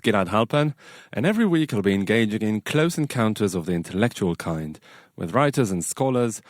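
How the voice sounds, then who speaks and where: Low-voiced, articulate podcast host. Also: male voice, dry recording. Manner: measured and articulate, with dry wit. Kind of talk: scripted show intro and interview questions.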